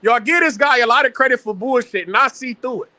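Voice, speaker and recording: A man's voice: very high voice, fast talker, pushed and bright, no echo. A man hosting a boxing call-in stream, ranting profanely and emphatically in casual panel talk.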